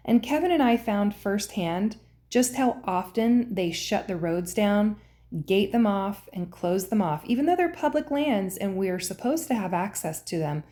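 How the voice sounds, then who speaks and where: A woman's voice: mid-range voice, lively intonation, unhurried, warm tone. A woman hosting and narrating in an earnest, conspiratorial scripted style. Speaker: host and narrator.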